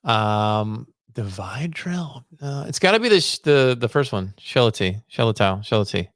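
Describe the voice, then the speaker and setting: Animated man thinking aloud on a podcast. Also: mid-range voice, unhurried, dry recording, studio quality. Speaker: podcast co-host. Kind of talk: casual podcast chat, answering trivia.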